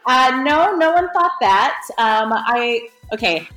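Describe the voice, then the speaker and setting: A woman's voice: fairly high pitch, lively intonation, slow pace, bright, forceful tone. A woman co-hosts a casual chat, laughing her way through anecdotes. Her voice rings in an echoey room, with faint music behind. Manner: chatty, laughing. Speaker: podcast co-host and author.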